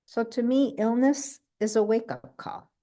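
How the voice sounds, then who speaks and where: A woman telling a personal story on a video call, animated, often checking in with "right?" and acting out what others said. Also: fairly high pitch, unhurried. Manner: acts out other people's quoted lines. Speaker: guest speaker. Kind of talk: personal story in an online talk.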